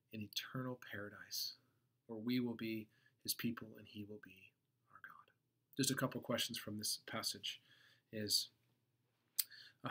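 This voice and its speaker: Earnest male pastor, lowish voice. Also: sharp tone. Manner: reads scripture then explains it, earnest, with fillers and restarts. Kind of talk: sermon devotional reading.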